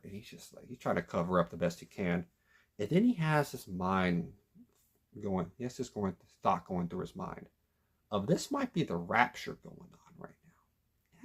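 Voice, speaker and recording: A man reviewing a documentary in casual commentary, emphatic and animated, often restarting his sentences. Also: lowish voice, slightly rough. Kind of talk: casual commentary retelling a story.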